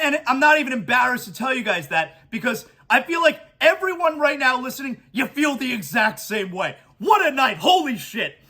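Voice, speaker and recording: A man hosting a sports podcast, talking emotionally and excitedly in a monologue with many stammered restarts. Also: very high-pitched. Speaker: podcast host.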